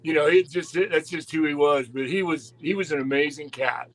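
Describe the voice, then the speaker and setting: High-voiced, foul-mouthed male storyteller. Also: a little fast, poor audio. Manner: animated, swears constantly, restarts a lot. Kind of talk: casual profane storytelling.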